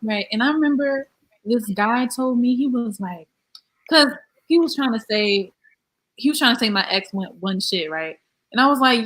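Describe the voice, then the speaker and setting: A woman's voice: fairly high pitch, normal speed, fairly bright tone. A woman hosting a casual chat, telling stories animatedly and acting out the people she quotes. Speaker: YouTube host.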